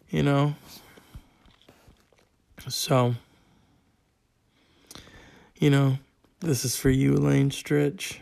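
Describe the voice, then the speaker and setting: A man's voice: mid-range voice, little pitch movement, slow, long pauses, darkish tone. A man hosting a podcast solo, rambling and swearing a lot, with plenty of fillers. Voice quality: gravelly. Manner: profane, rambling, with frequent fillers. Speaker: podcast host. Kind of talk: casual solo podcast monologue.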